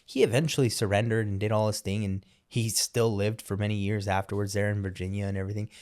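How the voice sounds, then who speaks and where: A man's voice: lowish voice, steady tone, fast, darkish tone. A man hosting a podcast interview, talking in a casual, emphatic and opinionated way, often restarting his sentences. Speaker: podcast host.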